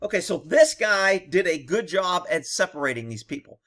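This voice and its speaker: A man with a fairly high voice gives blunt video commentary. He is sarcastic and swears freely, and he talks with a confident, no-nonsense edge. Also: expressive, normal speed, fairly bright tone, a little hiss or hum.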